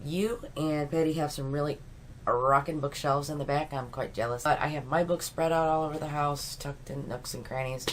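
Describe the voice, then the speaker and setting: A woman's voice: deep voice, fairly even intonation, moderate pace, slight background noise. A middle-aged woman vlogging casually from home, chatty and rambling.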